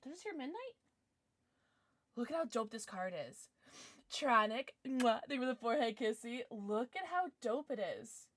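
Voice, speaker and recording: A woman streamer chatting casually with viewers as she opens trading cards, excitable and quick to gasp and squeal. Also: a little high. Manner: excitable, gasping and squealing at pulls. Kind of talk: livestream chat while opening trading cards.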